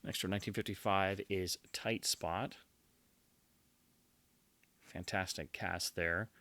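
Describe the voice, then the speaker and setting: A man giving casual unboxing commentary as a collector, enthusiastic and quick to heap on superlatives. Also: low voice, fairly even intonation, sharp tone. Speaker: collector presenting his purchases.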